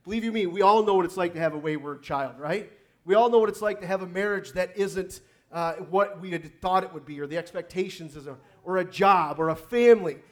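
A man's voice: sits high, fairly quick. A man preaching a sermon with fervour, pushing to emphatic peaks and calling out to the congregation for an amen. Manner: fervent, rising to emphatic peaks, calls for amen.

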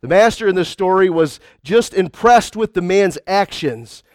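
A man's voice: high-pitched, expressive, normal speed, darkish tone, dry recording, clean studio sound. A man preaching a conversational sermon to a congregation, often calling out to the crowd. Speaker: pastor.

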